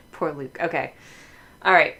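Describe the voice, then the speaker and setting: A woman hosting a casual livestream, chatting while she decorates, laughing often and filling pauses with ums. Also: sits low, vocal fry, pushed and bright, lo-fi sound. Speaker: livestream host.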